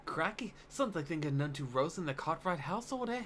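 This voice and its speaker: A man's voice: on the high side, animated, brisk, noisy background, voice pushed up, close to an everyday voice. A man voicing a cheeky little male fairy sidekick who talks in blustery slang. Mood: cocky.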